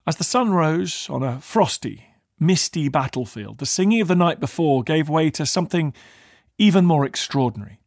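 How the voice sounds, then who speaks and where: A man narrates a documentary from a script with lively, shifting pitch. The recording is dry and close, with no room sound. His voice sits a little high for a man. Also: normal speed, vocal fry, dry recording.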